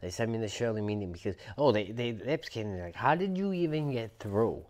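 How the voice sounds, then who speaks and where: A man with a Boston accent, a podcast guest telling prison stories in a loud, profane, animated way, acting out the quotes. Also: fairly low pitch, a little fast. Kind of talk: casual storytelling interview.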